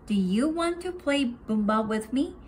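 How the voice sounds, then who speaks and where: A woman's voice: a little high, animated, a little slow, darkish tone, a little hiss or hum. A woman voicing an eager two-year-old boy penguin who copies his big brother. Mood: cheerful.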